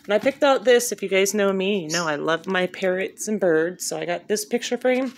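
A woman's voice: mid-range voice, lively intonation, brisk. A woman chatting casually through a shopping haul and reading off prices, filmed on a handheld phone at home. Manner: chatty, upbeat, reads off prices. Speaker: vlogger showing a shopping haul. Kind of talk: casual haul video chat.

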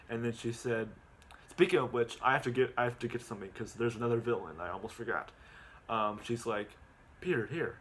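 A man's voice: medium pitch, fairly bright tone, a little hiss or hum. A man casually recapping a movie at home, stumbling over his words with lots of ums and repeats.

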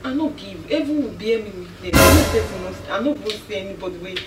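A woman's voice: mid-range voice, animated, fast, reverberant, distant mic, over loud music, rough recording. A young Nigerian woman in a prank vlog, speaking Nigerian Pidgin and defensively pleading that she gave her number to nobody. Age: young adult.

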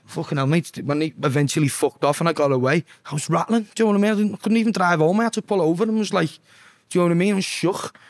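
Fast-talking sweary Liverpool man. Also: on the high side, no echo. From Liverpool, England. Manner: sweary, repeats "do you know what I mean". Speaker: singer, podcast guest. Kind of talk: casual interview chat.

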